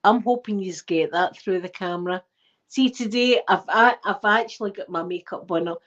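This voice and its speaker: A middle-aged woman with a Scottish accent chatting warmly and emotionally to her viewers, close to tears and short of breath. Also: mid-range voice, moderate pace. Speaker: ASMR channel host. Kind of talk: casual heartfelt chat to viewers. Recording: dull lo-fi recording.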